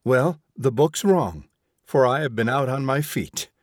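A man reading an audiobook, voicing an earnest, quietly rebellious young man in a low, grave, measured way. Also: dry recording, studio quality, lightly acted. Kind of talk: audiobook character voice.

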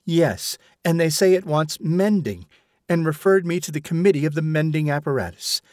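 Reading aloud, a man voices a petulant, imperious mother who frets and keeps complaining, his tone indignant. His expressive, slightly mellow voice sits on the high side, pitched above his own but close to everyday speech, at normal speed in a studio-quality recording with no echo.

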